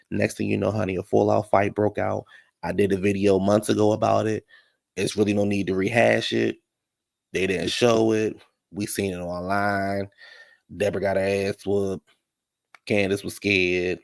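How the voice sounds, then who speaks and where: A man's voice: fairly low pitch, level tone, normal speed, gravelly, no echo, clean studio sound. A man recapping a reality show in casual, blunt, profane commentary.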